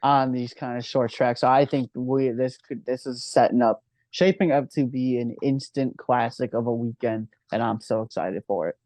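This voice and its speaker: Excitable man, casual podcast co-host. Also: medium pitch, moderate pace, hardly any pauses, no echo. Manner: enthusiastic, swearing, laughing. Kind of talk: casual racing chat.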